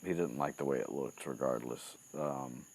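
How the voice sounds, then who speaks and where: Low, gravelly man retelling a story. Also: moderate pace, darkish tone. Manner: filler-heavy, swearing, loose retelling. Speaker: podcast host retelling a book. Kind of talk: casual chat.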